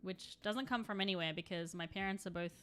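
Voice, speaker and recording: A woman's voice: mid-range voice, a little fast, fairly bright tone, faint music behind. A young adult woman chatting casually on a live stream while she paints, rambling and laughing often.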